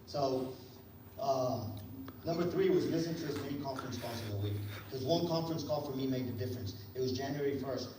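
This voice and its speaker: A man giving an energetic motivational talk to an audience at a sales event, telling stories with lots of fillers. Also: medium pitch, brisk. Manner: energetic storytelling, many fillers. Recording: echoey hall, distant mic, noisy.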